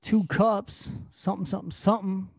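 A high-pitched man guessing song lyrics in a loose, excitable way, cursing and shouting when he gets one. His voice sits close and dry, with no room sound around it. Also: moderate pace, creaky, breathy edge, dry recording. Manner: excitable, swearing, bursts into shouts. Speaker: contestant. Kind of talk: casual game chat.

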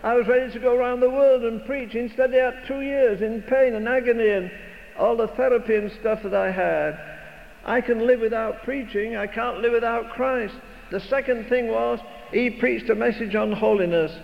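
A man's voice: extremely high pitch, normal speed, vocal fry. An older man preaching a sermon with emphatic, rhetorical, repeated phrases. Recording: dull recording in a reverberant hall, faint noise.

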